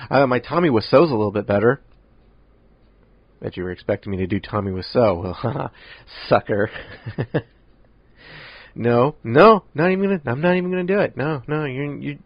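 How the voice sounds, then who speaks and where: Casting: low-voiced man, casual podcast host, rambling and self-mocking, dry, slightly muffled mic. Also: creaky, no echo. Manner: rambling, joking, self-deprecating. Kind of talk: casual solo podcast chat.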